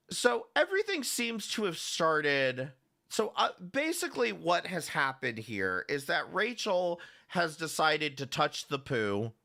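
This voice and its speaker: A man's voice: mid-range voice, creaky, sharp tone. A man hosting a live commentary stream, talking casually and sarcastically, greeting chatters by name and rambling with restarts and swearing. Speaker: livestream commentary host.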